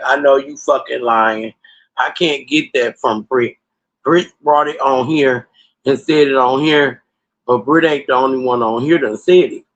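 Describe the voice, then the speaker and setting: A man hosting a casual livestream, ranting and telling stories in a profane, animated way into a computer mic. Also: mid-range voice, dull audio. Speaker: livestream host.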